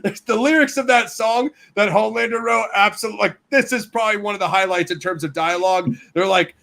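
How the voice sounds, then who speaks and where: Bright-voiced animated male host. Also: high-pitched, fast, vocal fry, hardly any pauses. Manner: animated, laughs often, many fillers. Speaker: show host reviewing a TV series. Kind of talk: casual chat.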